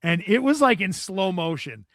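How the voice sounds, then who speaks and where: High-voiced man telling a lively story. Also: moderate pace, no room sound, studio quality. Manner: animated storyteller, laughs often, acts out quotes. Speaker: podcast guest. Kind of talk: casual storytelling chat.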